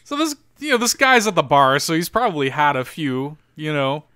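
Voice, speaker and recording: A man's voice: a little high, sing-song, moderate pace, sharp tone, clean tone, no echo, studio quality. A man hosting a casual podcast, reading an article aloud with lots of laughter and loose, profane storytelling. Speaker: podcast host.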